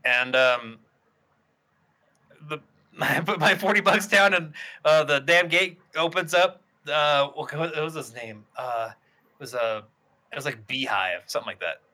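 Bright-voiced rambling man storyteller. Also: fairly high pitch, measured pace. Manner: rambling storyteller, frequent restarts and swearing. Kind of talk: casual podcast chat.

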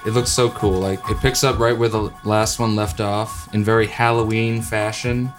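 A man's voice: lowish voice, little pitch movement, faint music behind. A man co-hosting a casual podcast about movies and TV, joking and laughing often. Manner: jokey, laughs often, quick asides. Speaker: podcast co-host.

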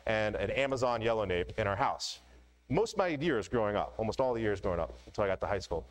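A man's voice: medium pitch, rough recording. A middle-aged man preaching a sermon as a pastor, telling personal stories in a casual, conversational way with frequent "right?" asides.

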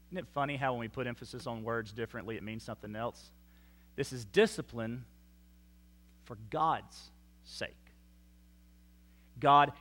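Pastor, male, fairly high voice, delivers a sermon with swelling emphasis and drops. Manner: emphatic preaching, rising and falling loudness, slow stressed quotes. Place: church sanctuary.

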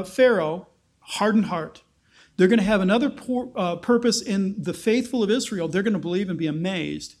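A man's voice: high voice, darkish tone. A man preaching a conversational Bible-teaching sermon, explaining and acting out quotes.

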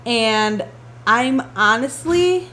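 A woman with a high voice hosts a casual chat podcast. She tells her stories with animated energy, laughs often and drops casual swears. A faint hum sits behind her. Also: extremely slow. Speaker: podcast host.

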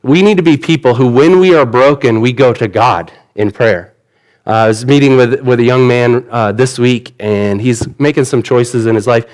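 A man's voice: mid-range voice, normal speed, a little mellow. A man preaching a sermon in an earnest, conversational way, retelling the story in everyday words. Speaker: pastor.

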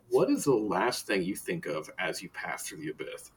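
A man's voice: on the low side, big pitch swings, normal speed, few pauses, bright, forceful tone, recorded from a distance. A man narrating a tabletop game as game master, loose and rambling with lots of fillers.

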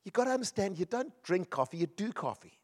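A man voicing his adult son, who talks in a relaxed, teasing, easygoing way. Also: high-pitched, fast, voice pushed up. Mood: laid-back. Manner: easygoing, laid-back.

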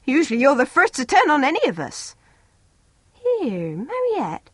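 A woman voicing a bold, nosy schoolgirl who talks in an eager, high, pushy way. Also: huge pitch swings, unhurried, fairly bright tone, no room sound, studio quality, heavily acted.

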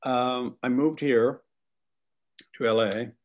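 A man being interviewed, telling animated, profane stories about his acting work with plenty of laughter. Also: mid-range voice, slow pace. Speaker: actor guest. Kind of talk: casual anecdotal storytelling.

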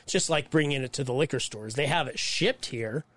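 A man's voice: medium pitch, fairly quick, fairly bright tone, dry recording. A man co-hosting a podcast in casual chat, swearing freely and telling stories with acted-out quotes. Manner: profane, storytelling with acted quotes. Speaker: podcast co-host.

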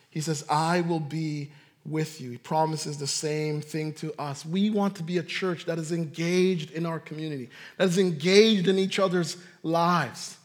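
A man pastor preaching a sermon in a conversational way, with self-deprecating humor. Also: sits high.

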